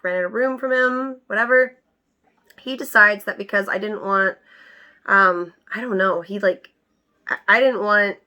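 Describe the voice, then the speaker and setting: Bright-voiced young woman telling her story. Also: mid-range voice. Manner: candid, emphatic, animated retelling. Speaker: vlogger. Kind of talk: personal storytelling to camera.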